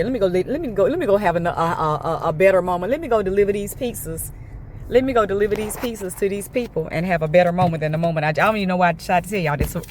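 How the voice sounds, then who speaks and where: A woman vlogger telling a story straight to her viewers in an animated, sassy way, recorded in and around a car outdoors. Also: on the high side. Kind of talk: casual storytelling vlog. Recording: noticeable street and car noise.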